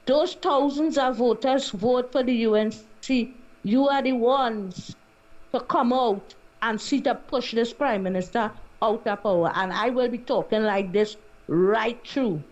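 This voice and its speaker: A woman's voice: on the high side, highs cut off. A woman calling in with a Trinidadian accent, urging listeners in a fiery, repetitive rant. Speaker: caller. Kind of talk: call-in political rant.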